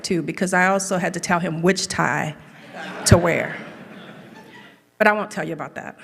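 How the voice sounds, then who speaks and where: A woman's voice: lowish voice, a bit bright. A middle-aged woman giving a humorous tribute speech, telling stories with dry running jokes in a large event hall. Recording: reverberant hall.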